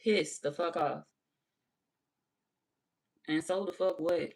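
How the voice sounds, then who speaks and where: Brash woman tarot reader, lower voice, cussing and laughing through a live reading. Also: slow pace, creaky, poor audio. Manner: brash, profane, animated, laughing.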